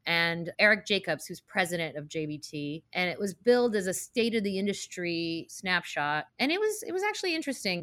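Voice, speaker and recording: A woman with a fairly low voice co-hosting a podcast. She talks thoughtfully and casually. The sound is close and dry. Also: fairly bright tone, no echo. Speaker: co-host, magazine editor.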